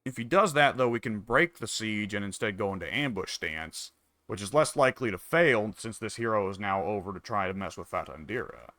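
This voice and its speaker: A man's voice: on the low side, lively intonation, a little fast, pushed and bright, no echo. A man casually commenting on his own strategy game, musing and wry, talking half to himself. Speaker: gameplay commentator.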